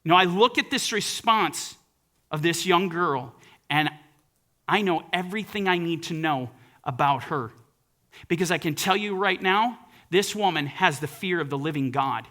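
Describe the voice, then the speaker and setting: A man's voice: fairly high pitch, expressive, normal speed, sharp tone. A male preacher giving a sermon in an earnest, emphatic way, often reading scripture aloud.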